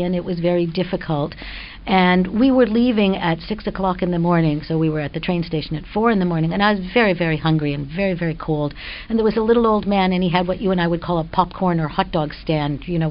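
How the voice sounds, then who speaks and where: An older woman speaks as a guest on a talk radio show. She tells a personal story in an earnest, reflective way. The sound is dull and lo-fi. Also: lowish voice. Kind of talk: spiritual conversation on radio.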